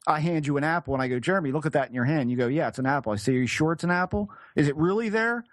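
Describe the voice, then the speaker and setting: A man's voice: medium pitch, no echo. Male guest, hesitant storyteller, dry close recording. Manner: halting, searching for words, frequent restarts. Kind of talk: recounting a personal experience in conversation.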